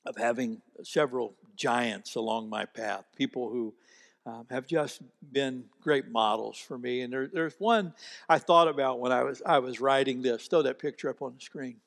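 A man's voice: medium pitch, normal speed, creaky, long reverb tail. A man preaching as a pastor, telling stories in a folksy, earnest way with small restarts. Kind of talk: sermon storytelling. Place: church sanctuary.

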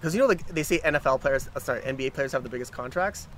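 A man's voice: medium pitch, racing, a bit bright, slight background noise. A man co-hosting a casual chat, rambling and stopping to restart, swearing freely.

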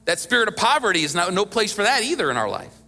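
Bright-voiced male preacher, chatty and emphatic. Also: high-pitched, huge pitch swings, quick pace, gravelly. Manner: conversational preaching with emphatic bursts and chuckles. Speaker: pastor. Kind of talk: sermon.

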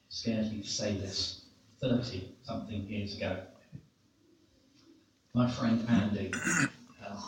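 A middle-aged man from England giving a sermon as a preacher, telling a story with lively, self-mocking humor. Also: lowish voice, slight background noise. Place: church hall. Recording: very echoey hall, distant dull mic.

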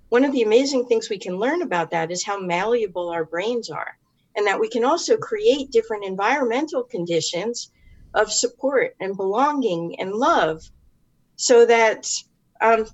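A woman speaking as an interview guest and author, earnest and reflective, often pausing to search for words. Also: medium pitch, dull audio. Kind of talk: casual interview.

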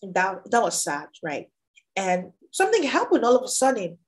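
A woman teaching a Bible study, reading scripture aloud and explaining it in a loose, halting, conversational way. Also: mid-range voice, wildly swooping pitch, low-quality recording.

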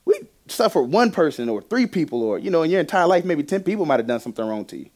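Animated man preaching a sermon. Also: a little high, quick pace. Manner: animated, laughing often, shifting from loud to hushed. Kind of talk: sermon with personal testimony.

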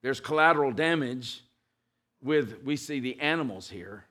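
A man preaching a sermon, reading scripture aloud with emphatic, slowed stress on key words and frequent restarts. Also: medium pitch, expressive, bright, forceful tone. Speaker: pastor.

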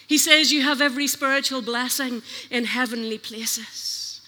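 A woman's voice: fairly high pitch, normal speed, few pauses, bright, forceful tone. A woman preaching a sermon, earnestly questioning her listeners. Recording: long hall reverb.

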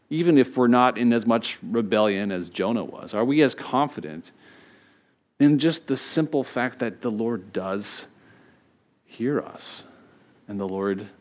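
A middle-aged man preaches in a relaxed, conversational way. He tells stories with animated quoted voices and frequent laughs, then drops into quieter reflective reading of scripture. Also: mid-range voice. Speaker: pastor. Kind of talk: sermon.

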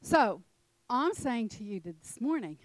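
Middle-aged woman, church speaker, animated storyteller who laughs along, higher voice, dry recording. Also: slow, no echo, poor audio. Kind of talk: personal story in a sermon.

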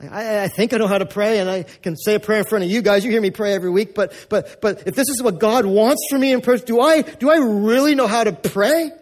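A man's voice: high-pitched, fast, few pauses, darkish tone. A male pastor from North America giving a conversational, emphatic sermon with lots of repetition.

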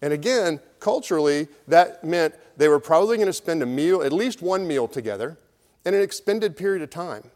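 A man's voice: on the high side, expressive, normal speed, darkish tone. A middle-aged man, a pastor, preaching a conversational, storytelling sermon. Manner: conversational, storytelling preaching with acted crowd voices. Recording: long hall reverb.

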